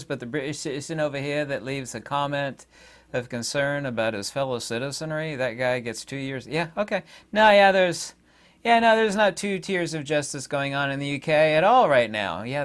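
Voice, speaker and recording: Casting note: middle-aged American man, indignant solo commentary, lively swooping pitch. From United States. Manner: indignant, rambling, with sarcastic asides. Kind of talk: casual political monologue.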